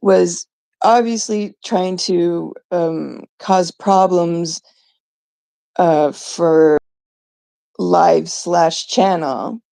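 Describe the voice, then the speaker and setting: A woman's voice: lowish voice, steady tone, extremely slow, vocal fry, dark tone. A woman host ranting indignantly in a rambling, profane monologue about online drama. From Canada. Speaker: livestream host.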